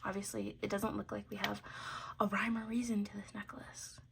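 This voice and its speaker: A woman chatting casually through a bead necklace tutorial as she works at her desk mic, thinking aloud and trailing off into soft mutters. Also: mid-range voice, level tone, moderate pace, gravelly, a little hiss or hum. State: has the hiccups. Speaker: jewelry-making channel host. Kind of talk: casual craft tutorial chat.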